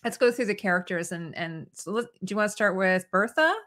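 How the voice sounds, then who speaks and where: A woman hosts a casual livestream with a bright, ringing tone. She chats loosely and leans on fillers like "like" and "you know." She also reads viewer comments aloud. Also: mid-range voice, a little fast. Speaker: host.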